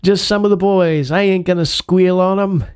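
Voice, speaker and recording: A man's voice: sits high, steady tone, moderate pace, a little mellow, clean tone, lightly acted. A man voicing a young would-be mob boss from a 1930s gangster game, reading his lines in tough-guy gangster slang. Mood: scheming.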